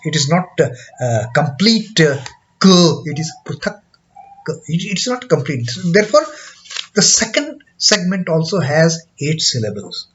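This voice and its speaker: Slow, animated man teaching scripture. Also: fairly high pitch, a little hiss or hum. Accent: Indian English. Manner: hesitant, many fillers and repeats, chants verses slowly. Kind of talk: explaining a scripture lesson. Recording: dull lo-fi recording.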